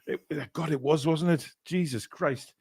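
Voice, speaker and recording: A man hosts a fan live stream, reading out donations in loose, joking chat. He fills the gaps with "uh" and "um". His voice sits somewhat high for a man. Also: a little slow, a little mellow, slightly rough. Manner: rambling, joking, many fillers.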